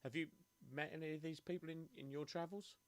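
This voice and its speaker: Quiet, stammering male host. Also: fairly high pitch, fairly even intonation, quick pace. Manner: hesitant, stammering questions. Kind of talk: interviewing guests.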